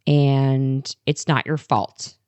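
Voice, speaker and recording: A woman's voice: rumbling low, flat delivery, extremely slow, a little mellow, clean tone, no room sound. A woman in her thirties co-hosting a podcast, telling candid stories and affirming her co-host. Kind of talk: casual chat.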